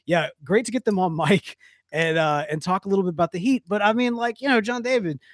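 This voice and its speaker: Brief: high-voiced, quick-talking male podcast co-host, dry close mic. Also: dry recording. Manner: quick, animated, joking. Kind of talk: casual live podcast banter. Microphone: studio mic.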